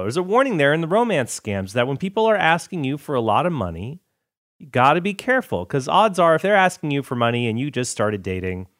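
A man's voice: medium pitch, a bit bright, dry recording, studio quality. A man hosting a show, talking casually with asides and brief mock voices. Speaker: podcast host. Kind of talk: casual commentary.

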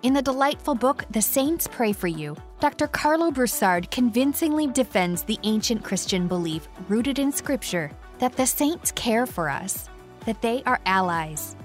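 A woman's voice: fairly high pitch, expressive, normal speed. A woman giving a polished, upbeat read of a book advertisement. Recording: music bed behind voice.

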